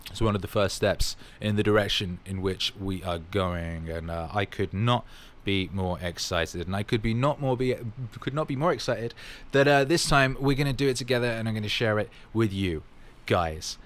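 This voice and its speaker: A man's voice: lowish voice, normal speed, hardly any pauses. A man casually answering fan questions in his vlog, rambling and upbeat with plenty of fillers.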